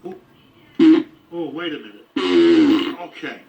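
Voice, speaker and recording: A man's voice: on the high side, animated, slow, a bit bright, distant mic, faint music behind, poor audio. A man delivering a rambling comic monologue straight to the camera, brash and full of groans, asides and complaints. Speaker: comedian.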